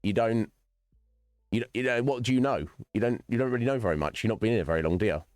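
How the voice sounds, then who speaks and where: A man's voice: on the low side, quick pace, darkish tone, clear, resonant tone, no room sound, studio quality. A man hosting his own livestream, chatting to viewers by name in a rambling, philosophical way and swearing freely. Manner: chats directly to viewers by name. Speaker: streamer host. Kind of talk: casual livestream chat while gaming.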